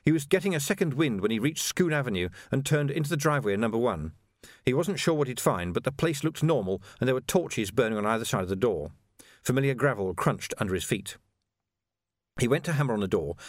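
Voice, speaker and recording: A male audiobook narrator reads a novel with expressive, animated storytelling. His voice sits in a middle pitch and moves in a very lively way. The recording is dry and close to the mic. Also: fast talker, no room sound. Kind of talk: scripted narration.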